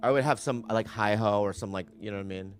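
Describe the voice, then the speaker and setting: A man's voice: on the low side, quick pace, faint music behind. A man hosting a podcast, rambling and joking in casual banter with many fillers and restarts. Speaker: podcast host.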